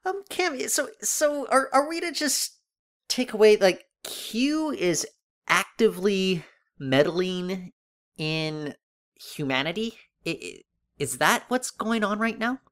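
Wry, animated man with lots of "uh"s. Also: sits high, takes it slowly. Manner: animated, wry, full of fillers. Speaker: podcast co-host. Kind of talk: casual discussion of a TV episode.

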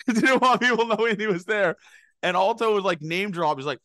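A man's voice: high-pitched, bright, forceful tone, no room sound, clean studio sound. A young man telling a rambling, laughing story on a casual podcast. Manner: rapid rambling anecdotes, laughing, swearing. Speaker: podcast co-host.

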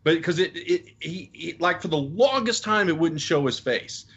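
Man, podcast co-host, husky voice, slightly high, rambling, dull lo-fi audio. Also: moderate pace. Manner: rambling, filler-heavy, animated. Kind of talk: casual movie review chat.

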